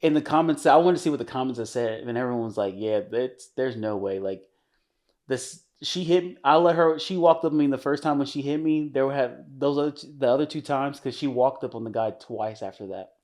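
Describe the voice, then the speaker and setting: A man's voice: mid-range voice, a little fast, a little mellow. A man co-hosting a podcast, retelling a story in casual chat with many restarts. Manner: rambling, many restarts, acts out quotes. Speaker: podcast co-host.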